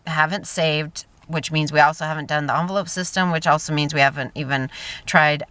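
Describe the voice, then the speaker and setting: A woman's voice: sits low, steady tone, a little fast, bright, forceful tone, no room sound. A woman in her thirties talking casually to camera in a personal vlog, chatty and emotional, often trailing off and restarting. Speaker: vlogger.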